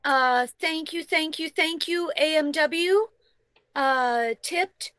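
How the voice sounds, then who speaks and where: A woman with a high, bright voice recorded close and dry. She reads out tips as co-host, upbeat and thankful, and answers her partner with dry comebacks. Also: takes it slowly, no room sound. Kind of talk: casual chat.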